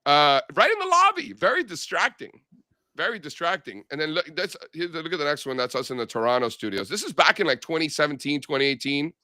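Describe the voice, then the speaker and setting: A man hosting a casual market chat show, loud, playful and animated as he tells stories. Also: on the high side, brisk, no room sound, clean studio sound. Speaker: show host.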